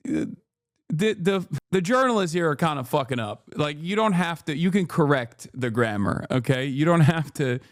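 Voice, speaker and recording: A man's voice: fairly high pitch, expressive, moderate pace, no room sound, clean studio sound. Sarcastic, profane male streamer. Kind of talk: casual commentary.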